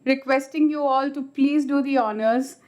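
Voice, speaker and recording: A woman's voice: sits high, steady tone, moderate pace, darkish tone. A woman acting as emcee, making polite, formal introductions. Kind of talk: scripted event announcing.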